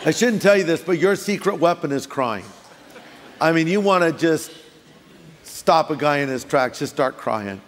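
A middle-aged pastor delivers his sermon in a fairly high voice. He keeps it animated, slipping into quick acted voices for his stories. A long reverb trails each phrase, as in a large hall. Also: a little hiss or hum. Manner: animated storytelling, acting out quick voices for effect.

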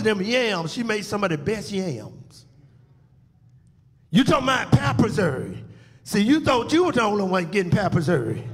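A man's voice: high voice, fairly bright tone, big-room sound. A man preaching a funeral eulogy as pastor, his delivery rising and falling as he calls out to the congregation. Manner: preaching with swells and call-outs to the congregation. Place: church sanctuary.

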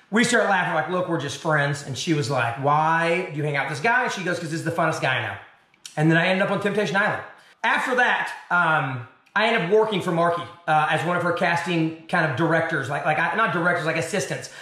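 Male TV host as interview guest, high and bright, acts out his anecdotes; echoey room. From Arkansas. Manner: animated storyteller acting out other voices. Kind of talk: storytelling interview.

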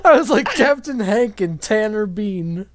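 A woman's voice: mid-range voice, lively intonation, a little slow, noisy background. A young woman chatting while gaming with friends, giggly and teasing. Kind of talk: casual gaming chat. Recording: game music behind.

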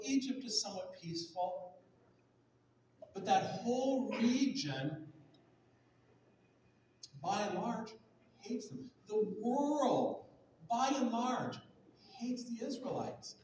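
A male pastor preaching a sermon with passion, swinging from near shouts to soft, hushed tones. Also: high-pitched, lively intonation, measured pace, pauses often, a little hiss or hum. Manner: impassioned, rising to near shouts, then dropping soft and hushed. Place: large church sanctuary. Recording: echoey room audio from a distant mic.

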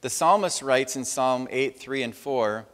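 A man's voice: medium pitch, unhurried, a bit bright. A man preaching a sermon as pastor, in a conversational way that often checks in with "right?". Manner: conversational preaching with frequent tag questions. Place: church sanctuary. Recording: long church hall reverb.

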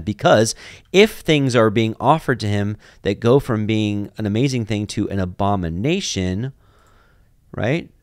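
A man's voice: lowish voice, animated, measured pace, darkish tone, dry recording, studio quality. A man giving an informal, conversational Bible teaching, drifting off on side tangents and reading passages aloud. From grew up in a Jewish family. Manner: conversational, digressive, reads scripture aloud.

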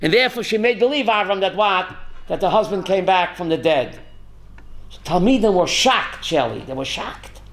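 A man, a rabbi, teaching a class with animated storytelling and calling on students by name. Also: high voice, normal speed.

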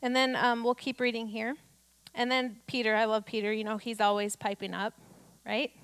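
A woman's voice: a little high, flat delivery, moderate pace, a bit bright, clear, resonant tone, no room sound. A woman pastor delivering a conversational sermon, reading scripture and building to emphatic declarations.

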